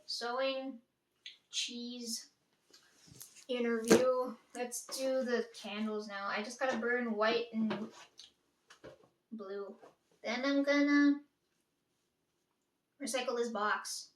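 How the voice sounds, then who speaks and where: Chatty high-voiced young woman, roomy echo. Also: fairly even intonation, slow pace, pauses often, background noise. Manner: rambling, chatty, swears casually, frequent "like". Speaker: vlogger. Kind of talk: casual daily vlog chat. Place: room at home. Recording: echoey room, mic at a distance.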